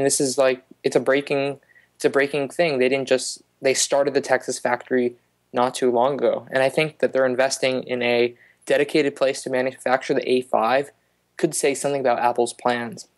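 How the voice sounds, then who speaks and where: A man appears as a guest blogger on a casual tech podcast at a middle pitch. His delivery is flat, with a narrow range. He talks matter-of-factly and leans on filler phrases. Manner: even, matter-of-fact, filler-heavy.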